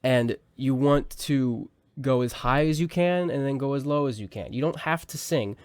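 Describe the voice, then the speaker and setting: Young male tutor, mid-pitched, loose and chatty, dry close-mic sound. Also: normal speed, clean tone, no echo. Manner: relaxed, rambling, many fillers and restarts. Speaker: voice acting teacher. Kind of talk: casual tutorial talk. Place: small home room.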